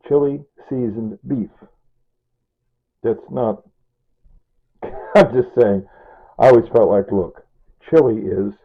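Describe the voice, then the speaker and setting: Fields: Sex: man. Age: middle-aged. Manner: chatty, rambling. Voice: husky. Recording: tinny, phone-like. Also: lowish voice. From Kansas, USA. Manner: chatty, rambling asides, says "right?" and "see?" a lot. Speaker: vlogger. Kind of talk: casual home cooking vlog.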